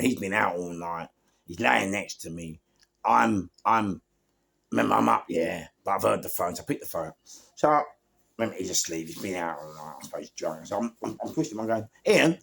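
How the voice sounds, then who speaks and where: A man's voice: fairly low pitch, brisk, vocal fry, fairly bright tone, breathy edge. A man with a London accent telling stories casually, with street slang, swearing, and frequent "yeah?" check-ins. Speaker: storyteller guest. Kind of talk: casual storytelling.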